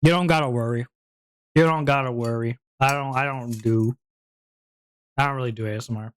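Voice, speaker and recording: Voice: medium pitch, fairly even intonation, brisk, smooth, no echo. A streamer in casual stream chat, playful and rambling, with frequent giggles, talking into a home streaming mic.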